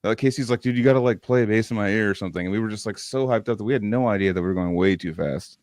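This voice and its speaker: Excitable low-voiced man, dry sound. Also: rapid-fire, no echo. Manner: excitable, rambling, laughs often. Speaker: podcast host. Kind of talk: casual chat.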